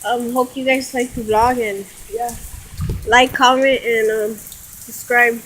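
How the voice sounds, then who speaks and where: A woman's voice: a little high, fairly even intonation, slow, a bit bright, slight background noise, rough recording. A woman vlogging casually at home in her kitchen, rambling, swearing and giggling as she talks.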